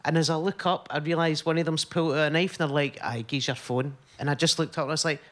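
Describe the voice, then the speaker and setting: A man telling a comic anecdote as a panel-show guest, in a lively storytelling way. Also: fairly high pitch, very fast.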